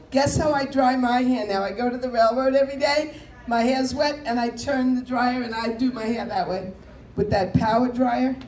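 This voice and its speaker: A high-pitched woman tells chatty stand-up stories, slipping into impressions of people and subway announcers. She is recorded in an echoey room, with a faint hiss underneath. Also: a little mellow. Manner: chatty, storytelling, mimics voices and announcements. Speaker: comedian. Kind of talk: stand-up comedy set.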